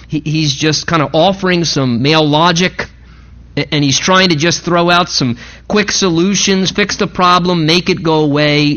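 A man preaches with a fairly high voice, talking to the congregation in a conversational, animated way and often restarting his sentences. The recording is muffled and lo-fi. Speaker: pastor. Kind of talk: sermon.

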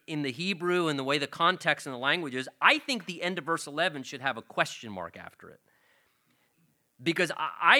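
Bright-voiced pastor teaching verse by verse. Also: male voice, on the high side. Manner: teaching, verse-by-verse explanation with repeated words. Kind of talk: expository sermon.

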